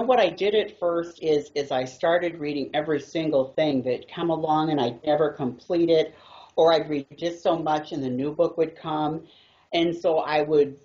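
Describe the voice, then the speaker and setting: Brief: deep-voiced woman, earnest rambling tarot reader, muffled lo-fi audio. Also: warm tone. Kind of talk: casual chat about tarot. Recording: dull lo-fi audio.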